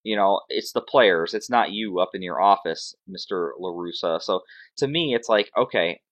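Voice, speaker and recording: A man's voice: sits low, normal speed. A man hosting a fantasy sports show, ranting sarcastically in casual sports commentary.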